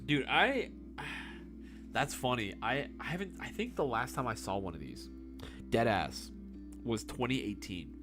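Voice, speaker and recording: A man's voice: mid-range voice, big pitch swings, unhurried, over music. A young man hosting a casual live-stream Q&A, swearing freely and laughing often. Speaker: live stream host answering viewer questions.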